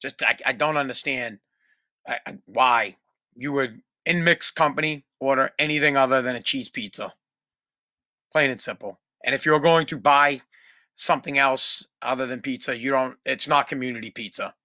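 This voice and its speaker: A man's voice: medium pitch, normal speed, bright, forceful tone, dry recording, studio quality. A man hosting a solo podcast from home, ranting in a profane, exasperated way. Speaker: podcast host.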